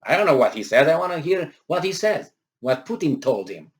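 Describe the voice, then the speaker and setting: A man's voice: big pitch swings, a little fast. Sarcastic male commentator, argumentative. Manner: argumentative, rhetorical questions, sarcastic asides; pitch jumps when emphatic, frequent uh and um. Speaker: political commentator. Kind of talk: reading and commenting on a news article.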